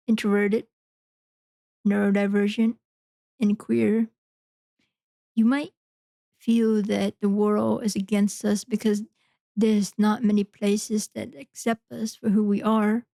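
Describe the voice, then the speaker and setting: A woman's voice: medium pitch, creaky, warm tone, no room sound. A woman hosting a podcast, talking frankly in a rambling, casual monologue full of fillers. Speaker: podcast host.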